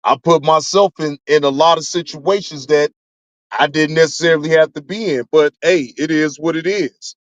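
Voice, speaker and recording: A livestream host with a slightly high voice chats with his viewers at a moderate pace, answering their messages in laid-back, rambling, profane casual talk. There is no echo, but the sound is dull and lo-fi.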